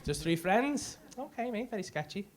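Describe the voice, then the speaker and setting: A man's voice: high voice, sing-song, moderate pace. A comedian doing crowd work, cheeky and foul-mouthed. His voice swings up and down as he teases people. The live recording is noisy throughout. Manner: brash, sweary, teasing banter with audience. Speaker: stand-up comedian.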